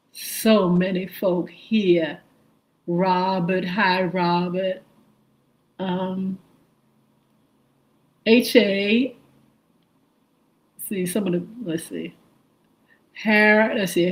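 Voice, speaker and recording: Hosting a live morning show for radio and livestream, a woman warmly greets viewers by name and spells out their usernames as shout-outs. Her voice is medium in pitch and a little bright, captured on a low-quality recording.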